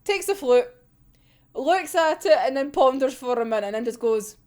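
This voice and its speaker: A woman's voice: high voice, moderate pace. A woman casually recapping a manga chapter, laughing often and swearing freely. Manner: giggly, sweary, animated storytelling. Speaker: manga reaction vlogger.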